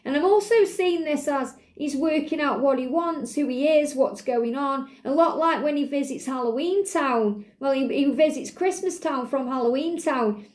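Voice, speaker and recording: Woman, high voice, gentle repetitive card reading, echoey room. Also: moderate pace. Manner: soothing, repetitive, addresses viewer directly. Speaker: tarot card reader. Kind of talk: guided card reading to viewers.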